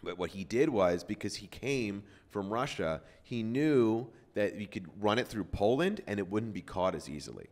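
A man's voice: on the low side, animated, normal speed, few pauses, a little mellow. A man hosting a podcast, telling a story in loose casual chat with lots of fillers and swearing. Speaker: podcast host.

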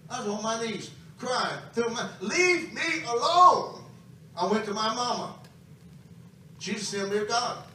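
Male preacher, high voice, emphatic, booming hall echo, heard from a distance. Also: fairly even intonation, normal speed, a bit bright, slight background noise. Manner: emphatic, calls out to the congregation. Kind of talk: camp meeting sermon. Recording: very echoey hall, distant mic.

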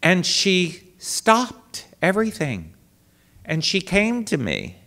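A man who is a priest tells stories to an audience in a bright, ringing voice. His delivery is unhurried, and his pitch rises and falls freely. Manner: animated anecdotal storyteller. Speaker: priest, guest speaker. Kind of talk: storytelling talk to an audience.

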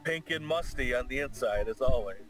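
A young man in casual game chat with friends, making hesitant, drawn-out deadpan remarks. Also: medium pitch, faint music behind.

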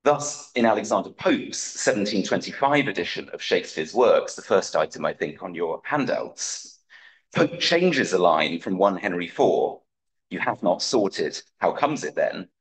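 A man giving a conference talk, reading an academic paper aloud in a measured, precise way with dry wit. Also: sits low, big pitch swings, poor audio. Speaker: conference speaker.

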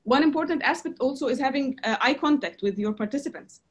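Woman, lecturer, somewhat high voice, halting delivery, many fillers. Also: expressive, breathy edge. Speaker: presentation skills instructor. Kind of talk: lecture to a class.

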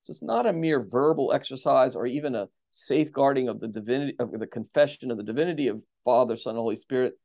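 A man speaks as a podcast guest with a mid-pitched voice, explaining in a steady, lecturing way. His answers unfold at length and carefully. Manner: measured, explanatory, lecturing cadence. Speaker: theologian guest.

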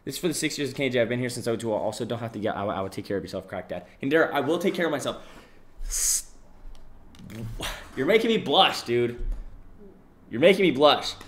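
A young man live-streaming, casually reading out donations and thanking viewers, swearing freely and yelling when a game goes wrong. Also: medium pitch, rapid-fire. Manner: excitable, swears freely, yells during gameplay. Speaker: livestreamer.

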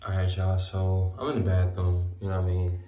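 Laid-back low-voiced young man vlogging. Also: completely flat delivery, brisk, mellow. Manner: laid-back, slangy, talks to viewers. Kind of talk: casual vlog in a hospital room. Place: hospital room.

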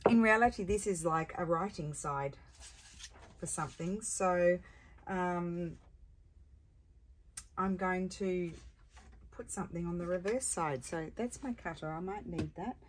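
A woman hosts a relaxed crafting video and talks to her viewers as she works. Her voice sits a little low, and she rambles cheerfully between tasks. Clear clicks and rustling can be heard behind her. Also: measured pace, long pauses, slight background noise. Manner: chatty, rambling, talks to viewers while working. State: has the hiccups. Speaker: crafting channel host. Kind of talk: casual chat while crafting.

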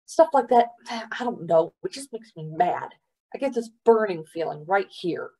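A woman's voice: on the low side, expressive, a little slow, dark tone, husky. Woman voicing stubborn earnest boy, Pong. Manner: earnest, firm.

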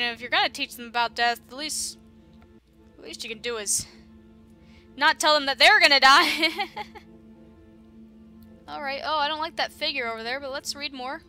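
Young woman, casual let's-play chatter, bright high voice. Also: a little fast, long pauses, soft background music. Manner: chatty, laughing asides. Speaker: gamer.

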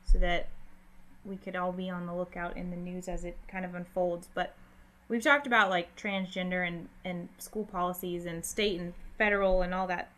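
A woman's voice: lowish voice, fairly even intonation, normal speed, fairly bright tone. A woman co-hosting a casual political talk show, speaking in an emphatic, opinionated way. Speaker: podcast co-host.

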